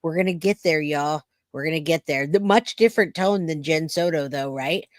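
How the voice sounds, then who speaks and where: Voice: medium pitch, moderate pace, dry recording. Chatty true crime host, dry close mic. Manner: chatty, addresses viewers as "you guys". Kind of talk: casual commentary reacting to archive audio.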